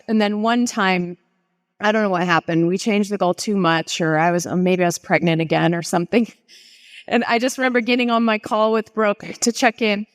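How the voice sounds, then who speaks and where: A woman life coach giving an earnest, encouraging inspirational talk, telling stories to the audience. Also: mid-range voice. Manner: earnest, encouraging, speeds up when urging. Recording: long hall reverb.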